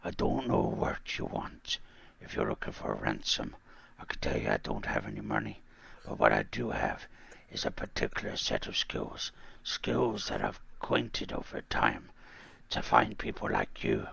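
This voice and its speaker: A man putting on a gruff action hero with a shaky Irish accent and a deep, gravelly rumble. His delivery is slow and cold, and the voice sits close and dry on the mic. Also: expressive, a bit bright, dry recording, lo-fi sound, exaggerated voice. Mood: cold menace. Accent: attempted Irish.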